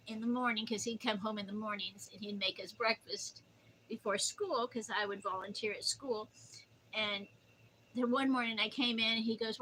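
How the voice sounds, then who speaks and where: An older woman hosts a casual livestream, rambling happily from one story to the next and talking sweetly to her dog. Her voice sits a little high and sounds bright and forceful. A faint hiss of background noise runs under the recording. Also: poor audio. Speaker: livestream host.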